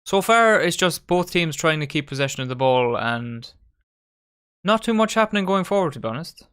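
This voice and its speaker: A man's voice: on the high side, lively intonation, normal speed, fairly bright tone, clean tone. A man hosting a live football watchalong, giving casual play-by-play and bantering with his friends and viewers. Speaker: watchalong host. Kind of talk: casual live match commentary.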